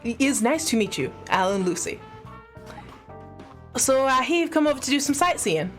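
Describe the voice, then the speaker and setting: A woman voicing a cheerful, eccentric male tourist who talks in chirpy, simple, halting phrases. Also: sits high, big pitch swings, a bit bright, faint music behind, pitched above the performer's own voice.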